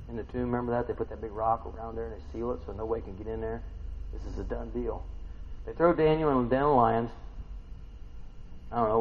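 A man preaching a casual sermon, retelling a scripture story and asking the listeners questions, swinging between loud and soft. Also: medium pitch, phone-quality sound, a little hiss or hum.

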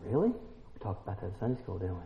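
A man preaching a sermon, emphatic and full of rhetorical questions, building to excited peaks. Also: deep voice, fast, vocal fry. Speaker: pastor. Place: church. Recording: roomy church, dull lo-fi sound.

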